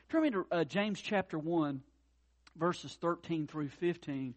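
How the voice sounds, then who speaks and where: A middle-aged man preaching a sermon as pastor, earnest, dropping soft and low then rising to loud impassioned peaks. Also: very animated, moderate pace. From North Carolina.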